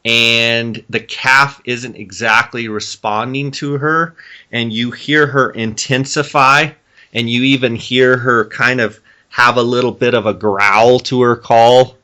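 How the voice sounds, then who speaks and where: A man's voice: mid-range voice, steady tone, slow, sharp tone. A man hosting a podcast interview who talks casually, often restarts his sentences and asks leading questions. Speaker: podcast host.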